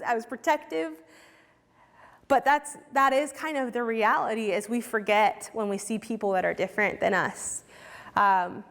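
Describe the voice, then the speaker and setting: Young woman, higher voice, earnest and conversational church speaker, long hall reverb. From Ohio, USA. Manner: earnest, conversational, many fillers and restarts. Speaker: youth ministry worker speaking at church. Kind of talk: church talk with personal stories.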